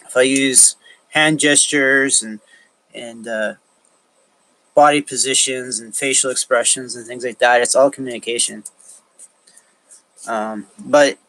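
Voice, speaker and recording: A man talking alone on a livestream, thinking aloud in a halting way with frequent restarts and fillers. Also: medium pitch, fairly bright tone, low-quality recording. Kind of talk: rambling solo livestream talk.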